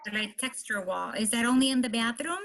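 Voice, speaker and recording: A woman's voice: a little high, fairly bright tone. A woman joining a video call as a prospective buyer, asking curious questions about the house. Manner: curious, asks quick questions.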